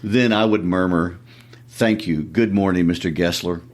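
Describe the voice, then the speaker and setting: A man co-hosting a literature podcast, chatting in a relaxed, conversational way and reading narration aloud. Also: low-pitched, normal speed. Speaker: podcast co-host.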